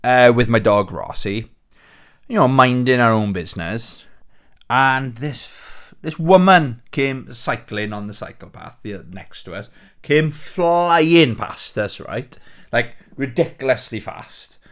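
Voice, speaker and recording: A man's voice: medium pitch, animated, takes it slowly, a bit bright. A man chatting casually to camera from home about games he picked up, rambling and joking at his own expense. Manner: rambling, jokey, self-mocking. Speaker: game-collecting vlogger.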